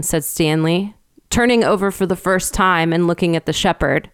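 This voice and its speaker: A woman narrating a storybook in a measured, even way. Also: low voice, vocal fry, smooth, no room sound, clean studio sound. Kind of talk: storybook reading.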